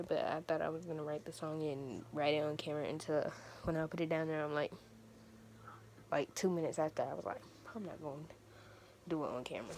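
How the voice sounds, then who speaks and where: A woman's voice: deep voice, a little mellow, a little hiss or hum. A young woman, chatting casually to her viewers in a vlog, rambling and repeating herself. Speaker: vlogger. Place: camper.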